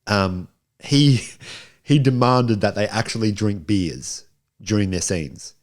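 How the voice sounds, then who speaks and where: A man's voice: lowish voice, takes it slowly. An Australian man co-hosting a film review podcast in casual chat, often repeating and restarting his words.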